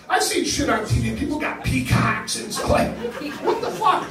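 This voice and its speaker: High-voiced older man doing ranting stand-up. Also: expressive, unhurried, over music. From New York. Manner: crude, ranting, self-deprecating. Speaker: stand-up comedian. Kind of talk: stand-up comedy set. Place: comedy club stage. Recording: roomy live club sound from a distance. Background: laughing audience.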